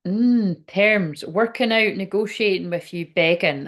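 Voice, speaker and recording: A woman's voice: mid-range voice, measured pace, few pauses. A woman giving a casual spoken tarot reading, chatty and rambling, with frequent swearing and lots of filler words. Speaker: tarot reader.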